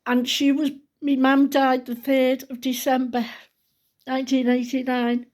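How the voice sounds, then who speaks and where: Older woman, emotional storyteller, hushed and close to tears. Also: high-pitched, completely flat delivery, unhurried. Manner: hushed and tearful at times, drops to whispers. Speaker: grandmother telling a personal story.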